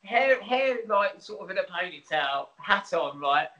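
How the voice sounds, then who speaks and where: A man's voice: high-pitched, lively intonation, unhurried, pushed and bright, reverberant, muffled recording. A man chatting as an interview guest over a video call, restarting his sentences and laughing often. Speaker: musician and theatre performer, guest. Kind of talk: casual interview chat.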